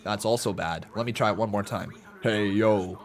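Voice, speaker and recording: A man's voice: fairly low pitch, fast talker. A man hosting a casual live stream, reading out donations and chatting with viewers, laughing at his own jokes. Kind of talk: casual watch-along chat with live chat.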